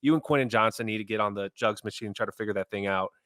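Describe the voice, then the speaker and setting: A man's voice: on the low side, rapid-fire, a bit bright, no room sound. A man co-hosting a sports podcast, bluntly complaining about players and referees in casual chat. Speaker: podcast co-host.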